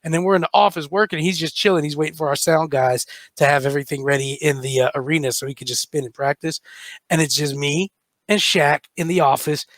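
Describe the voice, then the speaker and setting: A man co-hosting a radio comedy show, telling an animated story in casual banter. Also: on the high side, fast, dry recording.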